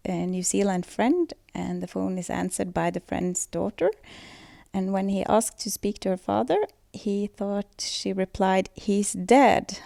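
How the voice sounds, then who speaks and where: Explaining pronunciation in a scripted student presentation, a woman speaks steadily with a few fillers. Her medium-pitched voice is creaky and dark, captured in studio quality with no room sound, as a school voice-over.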